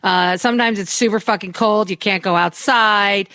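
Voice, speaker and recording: A woman co-hosting a talk show, chatting casually in a brash, animated way and swearing freely. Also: mid-range voice, normal speed, creaky, no room sound. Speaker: radio show co-host.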